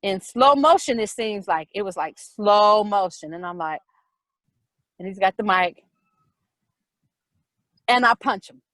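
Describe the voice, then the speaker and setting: A middle-aged woman tells a story from her own life in a casual, animated way, repeating phrases as she builds it up. Her voice sits mid-range and swings widely in pitch. It is recorded close and dry, with no room sound. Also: no room sound, poor audio. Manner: animated, quick and repetitive retelling.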